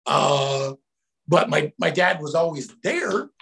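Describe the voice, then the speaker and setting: Middle-aged male guest, gravelly and fairly high, animated storyteller who shouts out his quotes. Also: slow. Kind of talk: casual storytelling.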